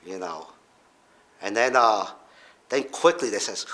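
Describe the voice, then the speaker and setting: A middle-aged man casually telling a personal story, halting and restarting, then jumping up in pitch to act out other people's voices. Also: sing-song. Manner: halting, with restarts and trailing off quietly.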